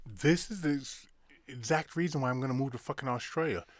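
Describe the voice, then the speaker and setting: A man's voice: medium pitch, a little fast. A middle-aged man from the area, telling profane stories on a casual podcast as co-host. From Boston area. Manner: profane, animated storyteller.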